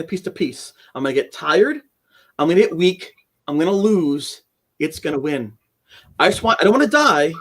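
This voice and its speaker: A man as a podcast guest, earnestly retelling a frightening personal story and acting out his own panicked words. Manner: earnest, emotional, acts out quotes with sudden high shouts.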